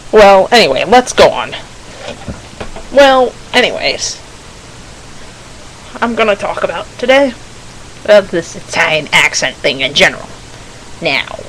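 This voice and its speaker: Woman vlogger, low pitch, rambling self-correcting chat, slightly froggy throat, faint hiss on the camera mic. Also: poor audio.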